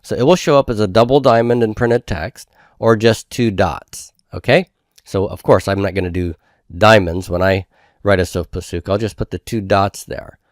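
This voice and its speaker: A man's voice: fairly low pitch, normal speed, dry recording, clean studio sound. A man teaching a recorded Hebrew grammar lesson, explaining patiently and checking in with "okay?" as he goes. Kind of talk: recorded homework review lecture.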